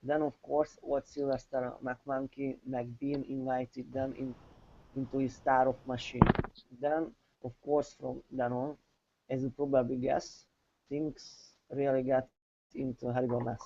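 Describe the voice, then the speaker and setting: A man's voice: medium pitch, flat delivery, a little slow, dull audio, noisy background. A man reading a rhyming story aloud steadily as a student in a lesson.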